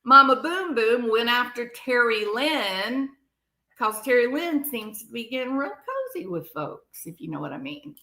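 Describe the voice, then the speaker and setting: A woman talks through a true crime story in an unhurried, deliberate way. Her voice is bright and crisp and sits a little high. She turns sarcastic and acts out the people she quotes. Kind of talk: casual commentary.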